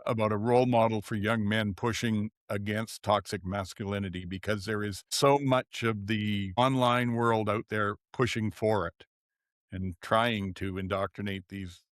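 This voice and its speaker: A man's voice: fairly low pitch, fairly even intonation, moderate pace, no room sound, studio quality. A man hosting a sports podcast in an affable, conversational way. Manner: affable, agreeing, steers the talk. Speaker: podcast host. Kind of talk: casual sports chat.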